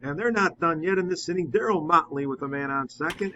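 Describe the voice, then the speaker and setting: A man calling play-by-play of a simulated baseball game, rising with excitement on big hits and chatting through a recap. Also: high voice, moderate pace, few pauses, highs cut off, slight background noise.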